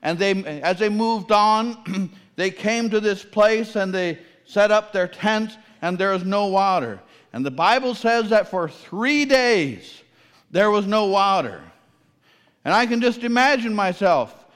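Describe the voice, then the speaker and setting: A man with a high voice delivers a sermon. He asks his listeners questions and repeats phrases for emphasis. His voice rings out with a long reverb in a large hall. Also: lively intonation, measured pace, fairly bright tone. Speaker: preacher.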